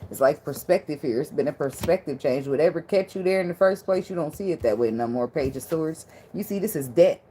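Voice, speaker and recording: A woman with a deep, low voice reads tarot cards in a relaxed, chatty way. She talks in loose slang, swears freely and laughs often. Faint background noise sits under her voice. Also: brisk, few pauses. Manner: blunt and profane, laughs a lot. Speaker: tarot reader. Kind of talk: casual tarot reading.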